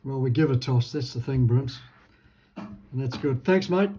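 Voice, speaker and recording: A man's voice: mid-range voice, normal speed, mellow, slight background noise, low-quality recording. A man hosting a casual interview, chummy and agreeable. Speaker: radio host.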